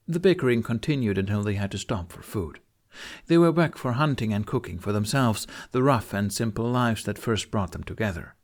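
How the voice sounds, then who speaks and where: A man narrates a fantasy audiobook at a measured storytelling pace. His voice sits somewhat low, and he reads steadily and plainly. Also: lively intonation.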